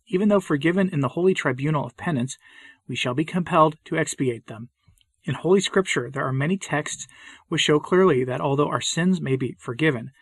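Husky-voiced man preaching a solemn sermon. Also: a little high, fairly bright tone, no echo. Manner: solemn, impassioned pleading. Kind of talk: sermon reading.

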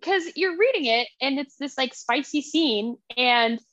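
High-voiced young woman, animated book talk. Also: measured pace, no echo, dull audio. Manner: animated, acts out scenes, laughs a lot. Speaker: podcast co-host. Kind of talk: casual book chat.

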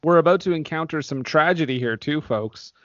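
A man's voice: on the high side, fairly quick, no room sound, highs cut off. A man co-hosting a casual movie review chat, laughing often and acting out lines from the film. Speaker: podcast co-host.

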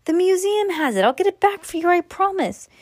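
Woman putting on a young boy, big brother type, high and strained, pleading or grumbling. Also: big pitch swings, brisk, a little mellow, dry recording, studio quality. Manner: pleading, then irritable. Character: frightened young boy fleeing, then grumpy big brother.

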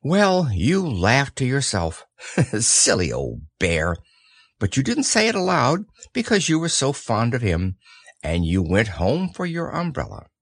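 A man reading a children's story aloud in a gentle, unhurried way. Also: medium pitch, very animated, no echo, studio quality.

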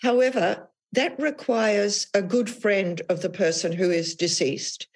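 A woman author as an interview guest, talking thoughtfully about her experiences in a measured, reflective way. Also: mid-range voice. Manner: thoughtful, measured, with frequent restarts. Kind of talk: reflective podcast conversation.

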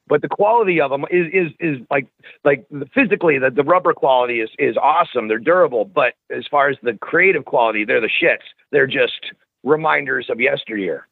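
A man's voice: medium pitch, brisk, creaky, husky, no room sound. Profane man on a tinny line. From Canada. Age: 40s. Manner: profane, animated, restarts words. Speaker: podcast guest, wrestler. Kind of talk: casual storytelling chat.

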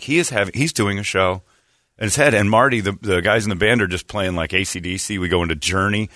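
A male radio host tells a long story in a loose, chatty way and slips into the voices of the people he quotes. His voice sits low but sounds bright, and the sound is dry and close. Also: brisk, dry recording. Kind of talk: casual storytelling chat.

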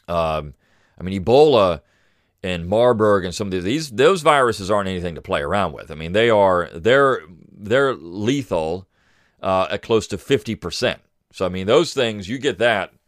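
A middle-aged man talks through his solo podcast in a deep voice. He rambles, restarts sentences and leans on fillers. The recording is dry and close, with no room sound. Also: no echo. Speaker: podcast host. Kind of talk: casual solo commentary.

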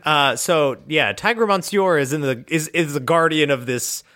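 Animated young-sounding male player, raised pitch, profane, bursts of laughter. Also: normal speed. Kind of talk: casual tabletop game chat.

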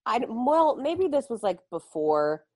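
A woman's voice: fairly high pitch, very animated, measured pace, darkish tone, slightly rough. A young woman co-hosting a casual podcast, giving playful, laughing commentary on a movie. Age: young adult. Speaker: podcast co-host. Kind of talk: casual chat reviewing a movie.

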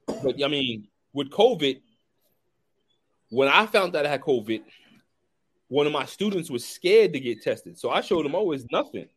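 A man's voice: on the high side, normal speed, long pauses, husky. A man hosts a laid-back chat, full of slang. He tells stories with energy and acts out every voice in his anecdotes. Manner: animated storyteller who acts out dialogue, slangy. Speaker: podcast host. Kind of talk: casual chat.

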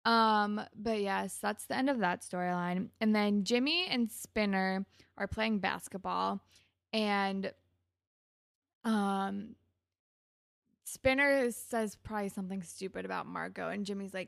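A woman co-hosting a casual chat, recapping a TV episode with lively, emphatic storytelling. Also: medium pitch, measured pace, creaky, no echo, studio quality. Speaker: podcast co-host.

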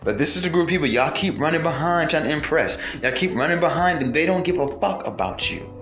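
A man's voice: fairly high pitch, lively intonation, fast talker, a bit bright. Man, fired-up rant, swearing, rhetorical questions, roomy echo, faint music underneath. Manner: heated, profane, full of rhetorical questions. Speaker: commentator. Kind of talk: ranting monologue to viewers.

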